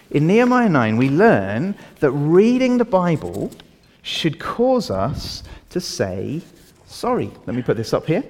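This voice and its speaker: A man preaching an all-age sermon, asking the congregation questions and leading a prayer. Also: fairly high pitch. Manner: animated, asks the congregation questions. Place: church hall. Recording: reverberant church hall.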